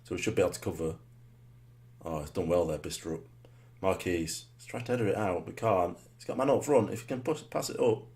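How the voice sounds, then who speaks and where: A man giving live commentary on his own football game, muttering rhetorical asides and breaking into sudden excited shouts. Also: deep voice, fairly quick.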